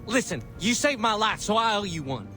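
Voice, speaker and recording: A woman voicing a timid, worried young man who pleads in a hushed, hesitant way. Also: medium pitch, sing-song, fairly quick, soft background music. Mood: anxious.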